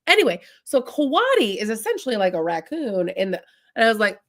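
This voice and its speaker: A woman's voice: sits high, very animated, fast. Midwest lady telling a funny story, voice bounces all over, says y'all a lot. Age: adult, married. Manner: chatty, comic, addresses listeners as "y'all". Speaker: speaker telling a personal story. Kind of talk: humorous storytelling talk.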